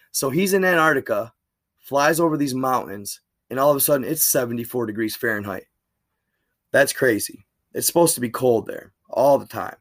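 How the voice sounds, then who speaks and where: A man's voice: mid-range voice, moderate pace, dry recording, clean studio sound. A man reading a diary aloud as a channel host, breaking off for casual spoken commentary. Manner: alternates careful reading with chatty asides.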